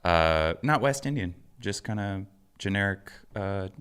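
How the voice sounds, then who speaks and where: Deep, bright-voiced deadpan man. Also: measured pace, clean tone. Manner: deadpan and teasing, reads listener emails aloud. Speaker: podcast co-host. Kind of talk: casual comedic chat.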